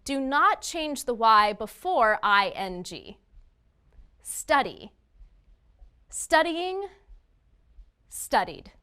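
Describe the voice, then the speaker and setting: Female English teacher, slow and bright, reads a scripted lesson with deliberate word drills. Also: on the high side, very animated, smooth.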